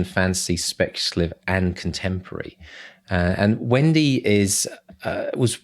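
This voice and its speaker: A man co-hosting a podcast, enthusiastic and upbeat, introducing guests and segments. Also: sits low. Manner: enthusiastic, repeats "brilliant stuff". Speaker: podcast co-host.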